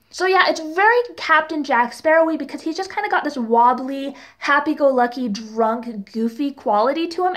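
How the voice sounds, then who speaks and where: A woman's voice: a little high, a bit bright. A young woman reviewing a TV episode in a casual vlog, chatty and gushing, with lots of fillers and exasperated rhetorical questions. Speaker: TV and book reviewer.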